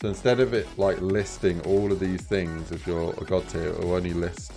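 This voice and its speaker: A man's voice: deep voice, steady tone, normal speed, mellow, soft background music. A young man who streams game mod development, chatting casually and rambling with lots of fillers. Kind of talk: casual live-stream chat.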